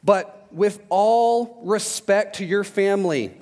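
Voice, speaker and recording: A man's voice: sits high, slow, a little mellow. A man preaching a sermon, telling candid stories about his own marriage with humor. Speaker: pastor. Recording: long hall reverb.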